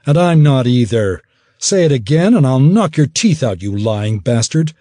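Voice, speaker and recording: A man's voice: mid-range voice, lively intonation, a little slow, warm tone, no echo, clean studio sound, pitched above the performer's own voice. A man voicing a young man who speaks firmly and coldly. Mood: cold angry. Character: young man, stubborn and hot-tempered.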